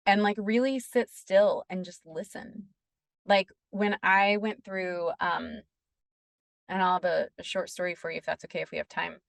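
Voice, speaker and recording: A woman's voice: on the low side, fairly even intonation, normal speed, creaky, dry recording. A woman being interviewed on a podcast, telling a personal story in an earnest, casual way and leaning on "like" a lot. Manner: earnest, peppers speech with "like". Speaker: podcast guest.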